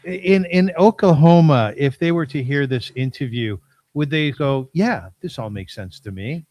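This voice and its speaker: A man's voice: a little high, expressive, moderate pace, no echo. A man from Canada hosting a podcast interview, talking effusively and repeating himself for emphasis. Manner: warmly effusive, emphatic repetition. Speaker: podcast host.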